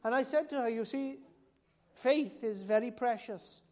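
A preacher delivers a sermon in a mid-range voice. The delivery leans on repeated phrases and rhetorical questions aimed straight at the congregation. It swells into loud, emphatic appeals and then drops back to a quieter, conversational register. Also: mid-range voice, unhurried. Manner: addresses listeners directly with rhetorical questions.

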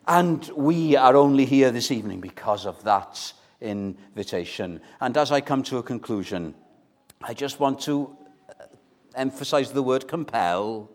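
A man preaching an evangelistic sermon, earnest and pleading, building to forceful appeals. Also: mid-range voice, unhurried.

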